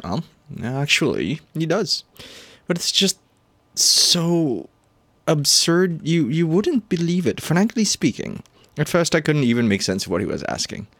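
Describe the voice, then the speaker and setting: A man's voice: a little high, very animated, a little slow, fairly bright tone, no echo, pitched above the performer's own voice, exaggerated voice. A man reading as a guarded old warrior. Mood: defensive. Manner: reading game dialogue aloud.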